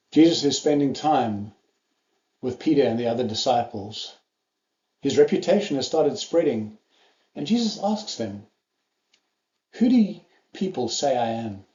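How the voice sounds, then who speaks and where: A man's voice: mid-range voice, expressive, unhurried, long pauses, dark tone, roomy sound, muffled recording. A man preaching a sermon, telling the story earnestly and acting out the quoted lines.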